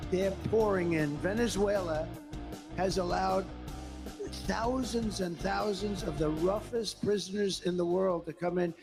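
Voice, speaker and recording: Man in an interview, goes on and on repeating himself, kinda high voice, gravelly. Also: measured pace, music in the background. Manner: repetitive, emphatic, rambling. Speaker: politician guest. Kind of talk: interview conversation.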